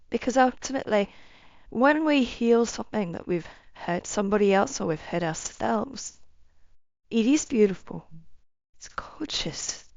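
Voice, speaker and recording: A woman giving an earnest, emotional personal testimony, her phrases often trailing off softly. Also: mid-range voice, gravelly, no echo, muffled recording. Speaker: near-death experience storyteller.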